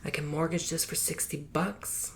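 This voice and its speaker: A man's voice: a little high, steady tone, moderate pace, a bit bright, slight background noise. A man teaching a board game in a whispered ASMR tutorial, playful and sassy, calling the listener honey. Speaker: ASMR creator.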